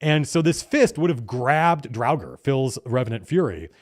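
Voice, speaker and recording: A middle-aged man recounts a tabletop game session he ran, speaking as a game master. His telling is casual and excited, full of false starts and the odd curse, as he gushes about how the night went. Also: mid-range voice, a little slow. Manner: excited, animated storytelling with restarts and profanity. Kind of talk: casual campaign diary monologue.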